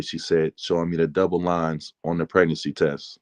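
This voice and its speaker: A man, the author, reading aloud from his memoir in a calm, measured way. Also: low voice, no room sound.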